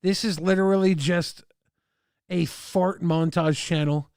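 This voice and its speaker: A man streaming live, chatting casually and reacting to videos with excitable, profane outbursts. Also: sits high, measured pace, no echo, studio quality.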